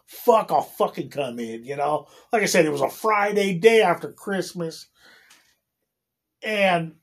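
A man's voice: fairly high pitch, breathy edge. A man in his forties, a union electrician, telling a rambling work story in casual chat, swearing constantly.

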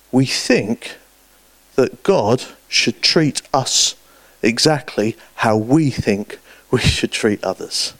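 A man preaching a sermon, telling stories with lively swings between loud and hushed delivery. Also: medium pitch, slow pace, dry recording.

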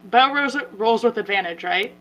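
A woman's voice: on the high side, normal speed, fairly bright tone, slight background noise, low-quality recording. A woman player chatting breezily during a tabletop game. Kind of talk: casual game chat.

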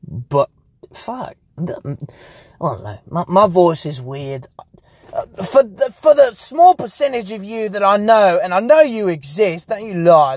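A man's voice: sits high, very animated, a little slow, no room sound. A young man rambling and swearing in a casual podcast monologue, recorded sitting inside his parked car. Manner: profane, rambling, laughs often. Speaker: podcast host.

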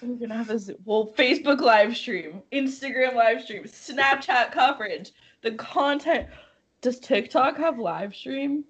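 A young woman co-hosting a podcast, chatting casually, giggling and animated as she tells stories. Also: on the high side, unhurried, breathy edge, highs cut off. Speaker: podcast co-host.

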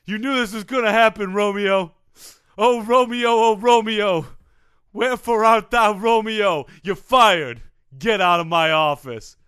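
A man's voice: high voice, unhurried, fairly bright tone, clear, resonant tone, voice pushed up. A man voicing an emotional male football coach who argues with himself in a comedy podcast sketch. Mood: weepy, theatrical. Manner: rambling and increasingly frantic.

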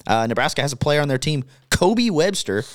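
A young man co-hosting a sports podcast, casual and animated, often repeating his words as he talks. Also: on the high side, brisk, dry recording, studio quality. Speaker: podcast co-host.

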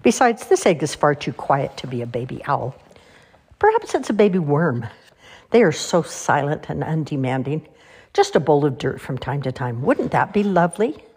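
A teasing mother owl from a storybook, voiced by a woman, sing-song and playfully exaggerated. Her voice is breathy and husky, swinging widely in pitch. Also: big pitch swings, moderate pace, darkish tone, exaggerated voice.

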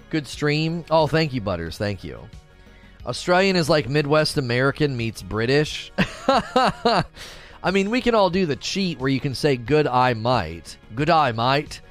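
A man's voice: on the high side, measured pace, soft background music. A middle-aged man hosting a gaming news livestream, chatting casually and talking straight to his viewers. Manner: animated, chatty, addresses viewers directly.

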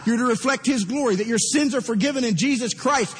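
Give me an impassioned male preacher with a husky voice in an echoing hall. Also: fast talker. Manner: impassioned, swinging from loud highs to low hushed tones. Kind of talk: sermon. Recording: echoey church hall sound.

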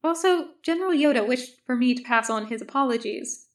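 A woman reading the lines of a calm, stern male army medic who speaks formally, without contractions. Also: high voice, brisk.

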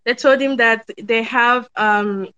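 A young woman, reviewing a film in casual podcast chat, chatty and quick to laugh, with many ums and restarts. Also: a little high, fairly even intonation, pushed and bright, clean tone, lo-fi sound.

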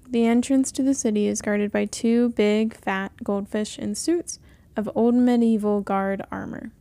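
A woman narrating an improvised comedy story in a deadpan way on a podcast. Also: mid-range voice, no room sound.

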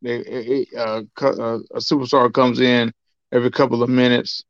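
A man co-hosting a podcast in casual chat, agreeable and quick to chime in. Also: medium pitch, little pitch movement, no room sound. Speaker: podcast co-host. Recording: dull dry sound.

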